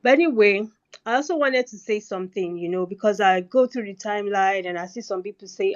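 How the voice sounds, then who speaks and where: A woman's voice: mid-range voice, a little fast, lo-fi sound. A woman speaking in a live online discussion, impassioned and emotional, sometimes stammering. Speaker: speaker in a live audio space.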